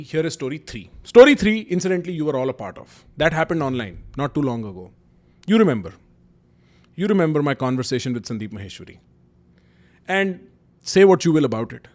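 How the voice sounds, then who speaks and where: A man's voice: a little high, darkish tone. A young man with an Indian English accent telling candid, emphatic personal stories to camera. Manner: candid, emphatic, mixes Hindi kinship words and slang. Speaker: YouTube host.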